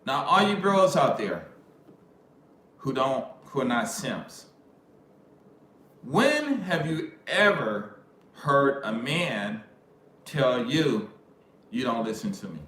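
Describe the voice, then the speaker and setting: A man's voice: mid-range voice, sing-song, slow, pauses often, fairly bright tone. Rambling slangy man in an echoey room. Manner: loose, rambling, slangy, with sudden raised outbursts. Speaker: vlogger. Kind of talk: casual rant to camera. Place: living in Japan. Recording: echoey room with faint ambient noise.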